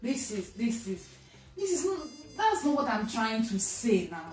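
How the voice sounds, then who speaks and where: A woman's voice: on the high side, big pitch swings, measured pace, darkish tone, reverberant, far from the mic, soft background music. A woman with a Nigerian accent acting in a comedy sketch, talking in a whiny, pleading, playful way. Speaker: comedy sketch performer playing younger sister.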